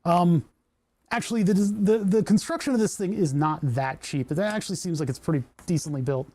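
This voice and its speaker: Hiccups interrupt a maker's casual, self-amused rambling as he tinkers and streams from his indoor workshop. He speaks fairly quickly in a warm, high-pitched voice, recorded through a lapel microphone.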